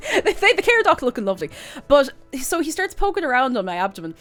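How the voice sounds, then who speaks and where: A woman's voice: high voice, sing-song, fast, a bit bright, soft background music. An Irish woman streamer chatting casually and telling a story, laughing often and rambling through asides.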